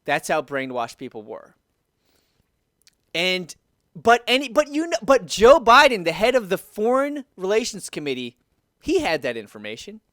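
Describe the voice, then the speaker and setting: A man's voice: sits high, huge pitch swings, normal speed, bright, forceful tone, dry recording. Heated man ranting, dry close sound. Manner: heated, repetitive, restarts and swears when riled. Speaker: video commentator. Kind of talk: ranting political commentary.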